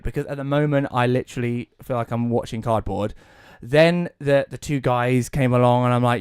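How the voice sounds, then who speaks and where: A man's voice: mid-range voice, moderate pace, clean tone, no room sound. Ranting sweary man on a dry podcast mic. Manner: swears a lot, ranting and animated. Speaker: podcast co-host. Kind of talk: casual chat.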